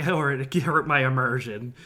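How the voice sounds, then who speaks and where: A man's voice: medium pitch, unhurried, sharp tone. A man co-hosting a podcast in casual chat, from the northern United States, rambling, often laughing and trailing off. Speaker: podcast co-host.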